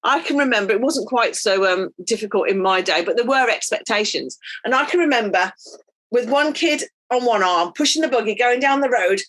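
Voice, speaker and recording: A woman's voice: on the high side, lively intonation, brisk, a bit bright. Middle-aged woman, chatty church speaker, anecdotal, lots of ums. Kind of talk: devotional talk to mothers.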